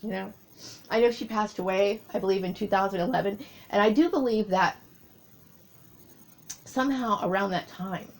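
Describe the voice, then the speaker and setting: A woman talking through a personal memory in a rambling monologue, often pausing to search for her words. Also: mid-range voice, low-quality recording.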